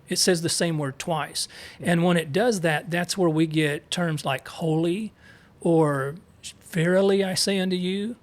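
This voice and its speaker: A man's voice: a little high, fairly even intonation, a little slow. A man co-hosting a casual Bible study, reading verses aloud and explaining Hebrew words with chatty asides. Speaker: co-host teaching scripture.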